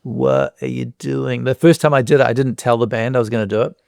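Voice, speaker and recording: A middle-aged man with a New Zealand accent, a guest on a podcast, telling relaxed anecdotes and acting out the voices in them. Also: mid-range voice, rapid-fire, no echo, studio quality. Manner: relaxed anecdotes, acts out voices and hums lines. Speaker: guest musician and comedian. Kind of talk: casual podcast chat, storytelling.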